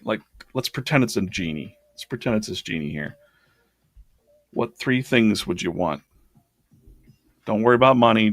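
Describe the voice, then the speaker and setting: Hosting a drawing challenge, a deep-voiced man casually tells a rambling personal story, acting out the dialogue as he goes. The recording has no room sound.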